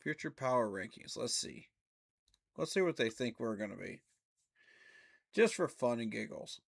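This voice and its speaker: A man's voice: mid-range voice, very animated, moderate pace, gravelly, slightly rough. A man ranting casually about rankings as a fan channel host, incredulous, with laughing asides. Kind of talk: casual reaction commentary.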